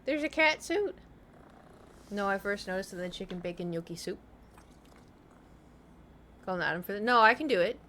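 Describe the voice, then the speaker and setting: A woman's voice: mid-range voice, expressive, normal speed, pauses often, sharp tone, slight background noise. Young woman streamer with a slight lisp. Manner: chatty, rambling, self-mocking storyteller who laughs often. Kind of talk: casual live-stream chat.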